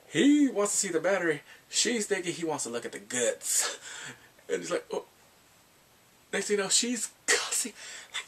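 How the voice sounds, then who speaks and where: Dude recapping a drama, husky gravelly voice, lots of ups and downs, squeals the character bits. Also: male voice, fairly high pitch, normal speed, long pauses. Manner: animated, acts out character lines in sudden squeals. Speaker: drama reviewer.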